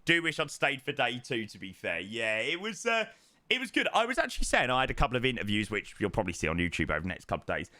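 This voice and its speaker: A man's voice: mid-range voice, huge pitch swings, fast talker, sharp tone, no echo. A man chatting casually on a live stream, thanking subscribers one by one and swearing now and then. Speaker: flight sim streamer.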